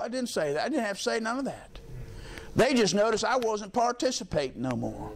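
A pastor preaching from the pulpit in a fairly high voice. He tells homespun stories in everyday language and punctuates them with amens. There's a faint hiss underneath. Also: very animated, a little fast. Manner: folksy storytelling, colloquial preaching with frequent amens. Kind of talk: sermon.

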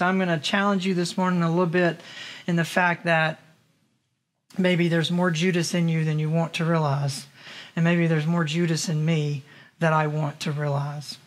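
Male pastor, high-pitched voice, casual sermon delivery with questions to the congregation. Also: fairly even intonation, moderate pace, fairly bright tone. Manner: conversational, rhetorical questions to the congregation. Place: church in Las Vegas.

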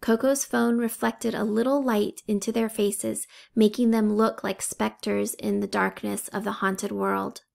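A woman reading a children's novel aloud in a calm, measured way. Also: mid-range voice, creaky. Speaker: audiobook reader. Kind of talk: storybook narration.

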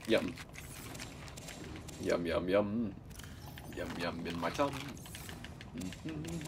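Playful, lively-voiced gaming man. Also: mid-range voice, a little hiss or hum. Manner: playful, chatty, gushes and talks to game creatures. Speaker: let's play host. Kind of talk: casual gaming commentary. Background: game music.

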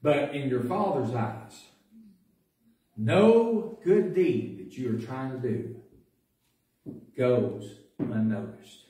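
Preacher, echoey church from afar. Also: male voice, medium pitch, sing-song, takes it slowly, long pauses. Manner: folksy storytelling that builds to loud preaching. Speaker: pastor. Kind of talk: sermon. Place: church sanctuary. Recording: echoey church recording from a distance.

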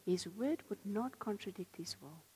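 A woman's voice: mid-range voice, lively intonation, normal speed, warm tone, long reverb tail, a little hiss or hum, low-quality recording. A woman preacher giving a sermon, reading scripture aloud and then explaining it earnestly.

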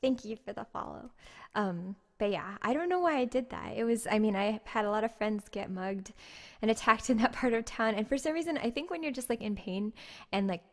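A woman streamer telling a story in casual livestream chat, animated and talkative, with a lot of filler "like". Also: on the high side, a little fast, in a large hall. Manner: animated, chatty, heavy use of "like".

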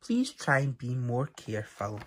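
A man voicing a kindly hen schoolteacher in a children's story, speaking softly. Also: medium pitch, sing-song, unhurried, a little hiss or hum. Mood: gentle.

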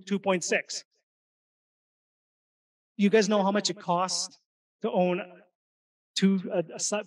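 A man giving an energetic, conversational seminar talk on investing, often putting questions to the audience. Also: high-pitched, far from the mic, low-quality recording. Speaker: real estate investing presenter. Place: meeting room at an investor event.

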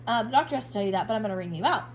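A woman's voice: mid-range voice, lively intonation, racing, a little hiss or hum, low-quality recording. Frustrated woman retelling a vet visit. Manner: frustrated, quoting both sides of conversations. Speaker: dog owner telling a story. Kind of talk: casual storytime vlog.

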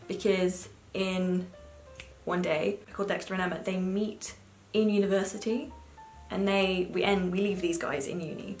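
A young woman in her twenties chatting casually as a book vlogger, swearing freely and filling her talk with "like". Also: lowish voice. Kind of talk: casual chat. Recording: echoey room with faint music.

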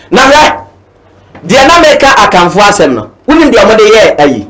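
A man's voice: sits high, very animated, normal speed, fairly bright tone, low-quality recording. A Ghanaian man giving a fervent political talk, mixing Twi and English and repeating his points. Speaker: political commentator.

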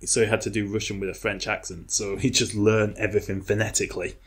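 A man co-hosting a podcast, telling relaxed stories in casual chat and acting out the quotes. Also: fairly low pitch, fast. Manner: relaxed storyteller, acts out quotes. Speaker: podcast co-host.

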